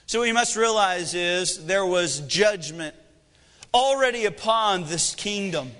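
A man's voice: sits high, animated, unhurried, pushed and bright, big-room sound. A man in his thirties preaching a sermon, mixing scripture reading with joking family stories and rhetorical questions. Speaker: pastor.

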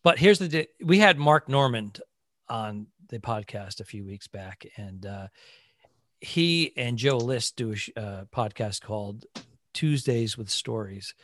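A man co-hosting a comedy podcast, riffing on jokes with deadpan mock seriousness in casual chat. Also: on the low side, unhurried, no room sound. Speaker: podcast co-host.

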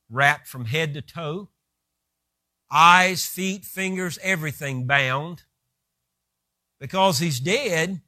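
Guy preaching a sermon, bright ringing voice, dry close sound. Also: fairly high pitch, no echo. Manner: retells scripture with vivid, rising emphasis.

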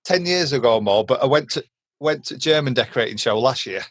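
A man from England, hosting a casual podcast chat, chatty and quick to laugh. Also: medium pitch, expressive, no echo. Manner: chatty, laughs often, repeats words when starting. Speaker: podcast host.

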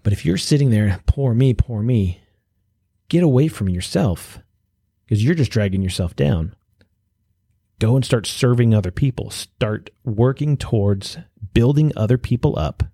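A man hosting a podcast, giving an earnest motivational talk that urges listeners on, with restarts and pauses. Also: medium pitch, expressive, vocal fry, dark tone, no room sound, clean studio sound. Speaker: podcast host. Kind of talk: motivational monologue.

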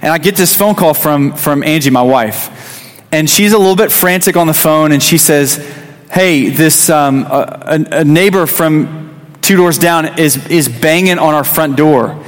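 A man's voice: on the high side, a little slow, big-room sound. A man in his thirties, a youth pastor, giving a conversational sermon with a personal story, restarting phrases and acting out quotes. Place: church sanctuary.

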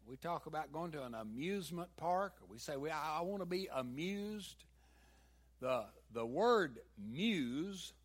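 A man with a Southern US accent preaching a sermon, mixing folksy stories with emphatic peaks. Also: on the high side. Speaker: pastor.

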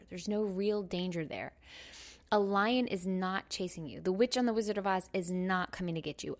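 A woman hosting her own podcast, talking casually and with energy about everyday life. She jokes at her own expense and laughs easily. Her voice sits at an ordinary mid pitch. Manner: animated, chatty, self-mocking with frequent laughs. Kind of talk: casual motivational talk.

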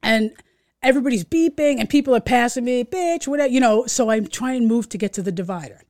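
A middle-aged woman, co-hosting a podcast and telling a story in casual chat, animated, swearing and acting out voices. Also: a little high, fast, no echo, clean studio sound. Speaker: podcast co-host.

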